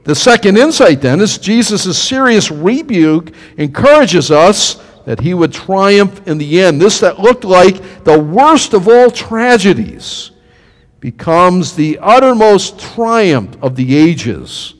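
Preacher guy, highish voice, goes all over the place pitch-wise, big hall echo. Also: slow pace. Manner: animated, acts out quotes, asks the congregation questions. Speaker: pastor. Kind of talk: sermon.

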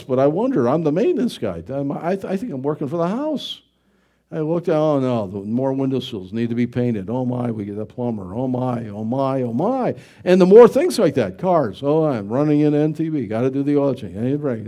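A man's voice: fairly high pitch, warm tone. A middle-aged man from the United States, preaching in a folksy, conversational way with many rhetorical questions. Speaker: pastor. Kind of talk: sermon.

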